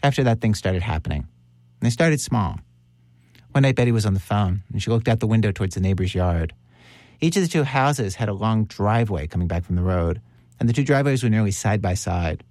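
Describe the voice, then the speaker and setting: Calm low-voiced male narrator. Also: brisk, no room sound, clean studio sound. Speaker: host and interviewer. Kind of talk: narrated documentary storytelling with interview questions.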